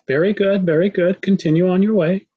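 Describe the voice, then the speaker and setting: A man voicing a wise old male guru, gentle and patient, in a calm, kindly storytelling manner. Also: sits high, a little fast, breathy edge, no room sound, narrow, tinny audio, pitched above the performer's own voice.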